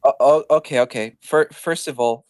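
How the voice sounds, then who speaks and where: A man calling into a live religious debate, quick and defensive, repeatedly asking for a turn to respond. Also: mid-range voice, a little mellow, no echo. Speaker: caller.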